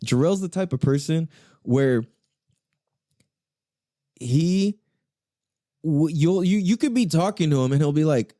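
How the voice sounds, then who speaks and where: Fairly high-pitched and expressive, the man talks at a measured pace with frequent pauses and a mellow sound, in a dry, studio-quality recording. He's hosting a podcast solo, a rambling, profane, casual monologue broken up by plenty of laughter.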